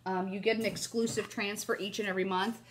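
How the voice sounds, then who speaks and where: A woman's voice: mid-range voice, little pitch movement, fast talker, fairly bright tone, a little hiss or hum. A chatty woman walks viewers through a craft project in an upbeat, gushing way. She keeps turning to her audience as she works, and a cough catches her now and then. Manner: gushing, chatty, keeps saying "you guys" and "oh my gosh". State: has a cough. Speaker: craft video host. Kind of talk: casual crafting tutorial.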